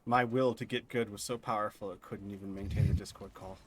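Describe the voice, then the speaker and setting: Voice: sits low, steady tone, a little fast, heavy background noise. A streamer doing live commentary over a hard video game, exclaiming at each death and laughing it off.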